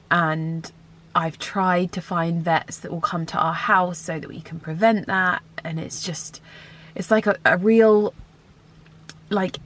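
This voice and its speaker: A woman talks to her camera in a relaxed, rambling way. Her chat is heartfelt and personal, full of little asides, as in a casual lifestyle vlog. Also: on the low side. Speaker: lifestyle vlogger.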